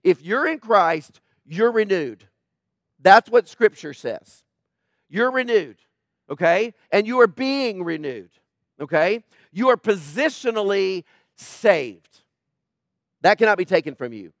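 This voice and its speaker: Guy pastor preaching, pretty high voice, keeps asking the crowd stuff, dry close mic. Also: very animated, slow, long pauses, dry recording. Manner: emphatic, asks the congregation rhetorical questions. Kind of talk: sermon.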